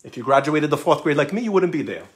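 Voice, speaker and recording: A man's voice: a little high, sing-song, quick pace. A man reading a children's picture book aloud on a live stream, joking between the pages and slipping in words. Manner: playful, jokey asides, slips into Portuguese words.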